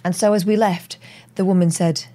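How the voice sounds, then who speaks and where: A woman in her forties with a fairly low voice, chatting casually on a podcast. She tends to drop in dry, wry remarks. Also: steady tone, normal speed, mellow. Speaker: podcast co-host. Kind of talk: casual chat.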